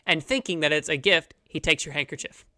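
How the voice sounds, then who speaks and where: A game master setting the scene of a tabletop game, voice bright and a little forceful, recorded close and dry. The narration is unhurried and full of small fillers. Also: medium pitch, dry recording.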